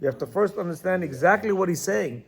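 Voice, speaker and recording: A man's voice: high voice, quick pace, gravelly. A man giving an informal, emphatic lecture on marriage to a class of men, repeating himself and often checking that they understand. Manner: repetitive, keeps asking "you understand?"; emphatic, lively, acts out quotes.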